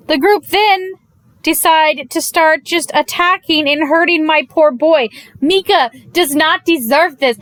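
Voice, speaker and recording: A woman giving a casual, animated recap of an anime episode, gushing and exasperated by turns, slipping into quick quoted voices of the characters. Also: high-pitched, no room sound. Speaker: anime reviewer.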